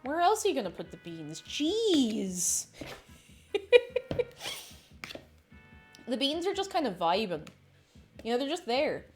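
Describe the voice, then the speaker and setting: Lively Irish woman streamer chatting. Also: sits high, measured pace, faint music behind. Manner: chatty, reads chat aloud and greets viewers with excitement. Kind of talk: casual livestream chat while baking. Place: home kitchen.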